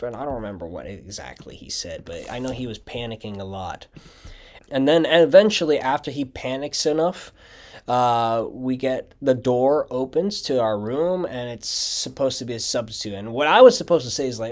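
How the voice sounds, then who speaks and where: Young man, casual audio commentary, rambling, filler-heavy, mid-pitched voice. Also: animated, normal speed, darkish tone. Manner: rambling, filler-heavy storytelling with frequent "like" and restarts. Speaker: channel creator giving audio commentary.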